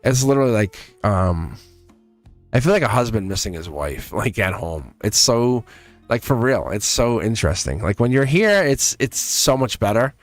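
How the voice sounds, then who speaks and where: Chatty, lively man reading tarot live. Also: fairly low pitch, normal speed, soft background music. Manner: casual, laughing often, chatty with viewers. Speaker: tarot reader.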